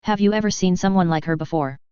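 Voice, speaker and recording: A cocky young man in a fantasy audiobook, boasting and mocking, as a narrator reads him. The voice stays very smooth. The recording is dry and a little dull. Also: medium pitch, fast talker, a little mellow, no room sound, natural voice. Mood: boastful.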